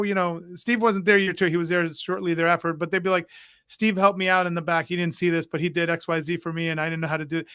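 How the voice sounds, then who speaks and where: Bright, crisp-voiced enthusiastic man. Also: high voice, no echo. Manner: energetic, enthusiastic storyteller. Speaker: conference organizer, guest. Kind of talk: casual livestream chat.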